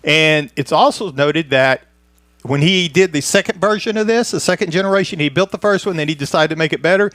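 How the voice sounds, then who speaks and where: A man's voice: fairly high pitch, a little fast, fairly bright tone, no room sound. A man presenting a history segment on a radio car talk show, reading from a script with a good-humored chuckle.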